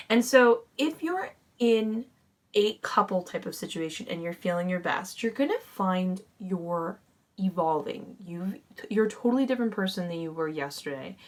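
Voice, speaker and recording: A woman giving a casual, upbeat tarot reading to camera. She talks chattily and often corrects herself mid-sentence. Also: medium pitch. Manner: bubbly, chatty, with fillers and self-corrections. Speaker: tarot reader.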